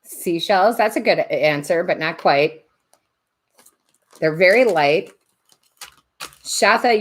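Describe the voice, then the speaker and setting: A woman's voice: lowish voice, animated, takes it slowly, pauses often. A woman hosting a live tarot stream, chatting casually, laughing often and greeting viewers by name.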